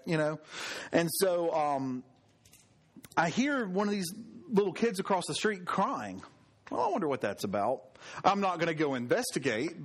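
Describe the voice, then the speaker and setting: A man, a pastor giving a sermon in a conversational storytelling way, with a fall at the end of his phrases. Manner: conversational storytelling preaching, drops pitch at ends.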